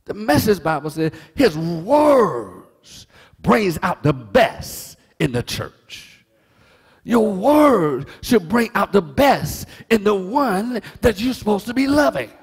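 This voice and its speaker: A man preaching a sermon in a high, wildly swinging voice with a slightly husky edge. He tells folksy, joking stories and climbs from near-whispers to shouts. The sound rings out with a long hall reverb. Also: sing-song, slow. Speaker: pastor.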